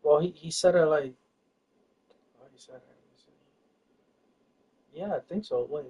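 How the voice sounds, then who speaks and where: A man's voice: on the high side, unhurried, breathy edge. A man telling a personal story in casual chat, rambling and hesitant, full of fillers and restarts. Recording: distant, dull lo-fi recording.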